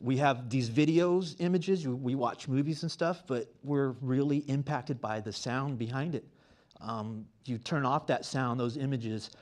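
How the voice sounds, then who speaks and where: A man in his fifties giving an award acceptance speech on stage, halting and earnest, on the verge of tears. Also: medium pitch, darkish tone. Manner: halting, full of fillers, earnest. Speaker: award winner and graduate student. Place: on stage at a campus award show.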